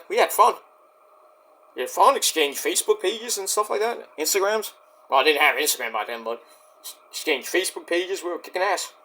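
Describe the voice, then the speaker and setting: A man speaks straight to the camera in a rambling vlog rant, his voice sitting high for a man. He is indignant and defensive, repeats himself, restarts his sentences and swears freely at the people who doubt him. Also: sharp tone. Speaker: YouTube wrestling reviewer. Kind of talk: ranting vlog address to critics.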